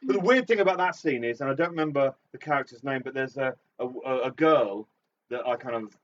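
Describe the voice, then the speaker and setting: A man with an English accent chatting casually as co-host, lively and swearing freely, often repeating phrases. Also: mid-range voice, a little fast, far from the mic, highs cut off. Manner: animated, swearing, repeating catchphrases. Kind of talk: casual chat.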